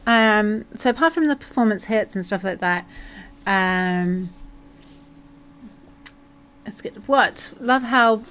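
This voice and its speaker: Playful southern English woman, slow and easy. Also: medium pitch, fairly bright tone, smooth. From England. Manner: playful, chatty, slips into silly voices and jokes. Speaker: software developer streaming her coding. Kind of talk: casual livestream chat.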